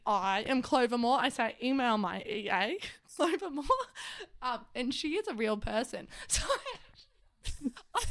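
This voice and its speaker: Woman in an improv comedy scene as a self-important egg collector who over-explains in a rambling, earnest way; slightly high voice. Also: fairly bright tone, no echo, studio quality.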